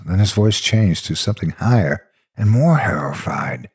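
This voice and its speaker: A man's voice: on the low side, animated, moderate pace, breathy edge. A man narrating a horror story in the first person, with a dramatic, intense delivery.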